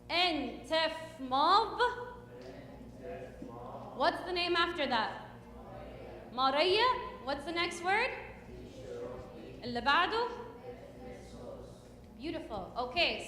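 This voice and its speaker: A woman's voice: high-pitched, pushed and bright. A woman teaching a hymn class, patiently coaxing her students with questions, recorded in a church hall. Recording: echoey hall with long reverb.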